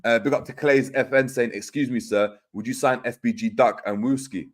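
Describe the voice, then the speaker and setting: A man's voice: mid-range voice, steady tone, normal speed. A man hosting a livestream, reading chat comments aloud in slangy, teasing banter. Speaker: host reading live chat.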